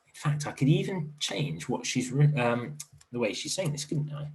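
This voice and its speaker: A man teaching an online primary literacy lesson in a gentle, encouraging way, thinking aloud as he writes. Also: medium pitch, sing-song, moderate pace, a little hiss or hum.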